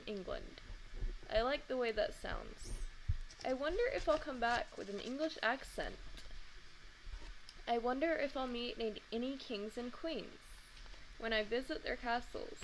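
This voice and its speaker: A woman's voice: a little high, a little hiss or hum, low-quality recording. A young woman hosting a read-aloud of a children's book, adding chatty asides. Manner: chatty asides between reading.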